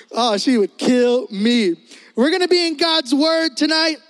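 A young Puerto Rican man preaching as pastor, loud and joking with the congregation. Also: extremely high pitch, expressive. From Puerto Rico. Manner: loud, joking, talks fast to the crowd. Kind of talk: energetic youth sermon.

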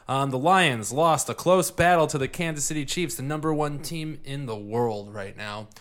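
A laid-back man hosts a casual podcast, chatting loosely and breaking into easy laughter. His talk rambles comfortably between topics, with filler and restarts typical of relaxed conversation. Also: mid-range voice, normal speed. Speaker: podcast host. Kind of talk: casual chat.

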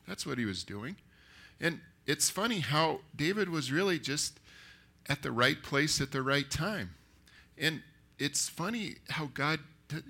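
A man preaching a sermon that retells a story, lively and acting out the characters' lines. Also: mid-range voice, creaky, slightly rough. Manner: animated, acts out the characters. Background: live audience.

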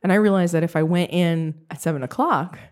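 A woman's voice: on the low side, a little fast, darkish tone. A woman in her late thirties co-hosting a podcast, telling stories in a rambling, casual way and laughing often. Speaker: podcast co-host. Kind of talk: casual chat.

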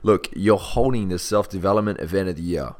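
A male podcast host with a very low voice. He is friendly and energetic, greets his guest with easy slang, and keeps the interview casual and upbeat. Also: brisk. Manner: friendly and energetic, says "mate" and "man".

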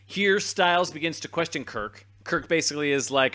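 Higher-voiced man recapping an episode. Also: normal speed. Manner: lively retelling, acting out scenes. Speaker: podcast co-host.

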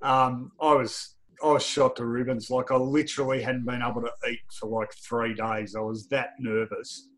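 A man with an Australian accent, a football journalist guest, telling lively anecdotes in casual podcast chat and laughing often. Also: mid-range voice, moderate pace, hardly any pauses.

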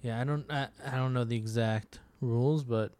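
A man in casual chat, speaking in a hesitant, halting way. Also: medium pitch, steady tone, a little mellow.

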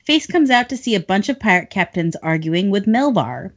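Lively woman recapping chapters, lo-fi. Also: medium pitch, moderate pace. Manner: chatty, laughs often between lines. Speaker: podcast host summarizing chapters. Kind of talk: casual book recap.

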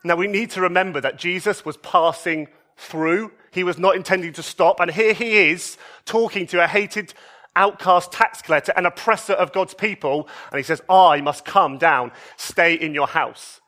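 With a high, bright voice, a male preacher delivers a lively, pointed sermon at a moderate pace. He moves expressively between emphatic raised lines and hushed, soft low passages.

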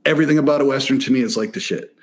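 A man from Michigan telling a story in a casual chat, animated and profane, acting out the people he quotes. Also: medium pitch, racing. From Michigan, near Detroit.

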